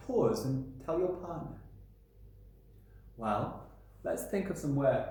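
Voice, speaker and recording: A male primary school teacher giving a recorded lesson, playful and sounding out letters slowly. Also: fairly high pitch, lively intonation, darkish tone. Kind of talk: recorded home-learning lesson. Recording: very echoey room.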